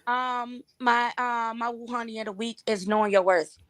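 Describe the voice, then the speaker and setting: A woman's voice: on the high side, fairly even intonation, normal speed, fairly bright tone, dry recording, clean studio sound. A woman co-hosting a casual chat, blunt and reflective, with casual cursing. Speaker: co-host.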